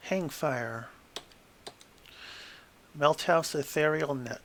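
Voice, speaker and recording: A man's voice: fairly high pitch, drawn-out words, a bit bright, slight background noise. A man flipping through a tabletop game book, reading passages aloud with wry asides and stumbling over hard words.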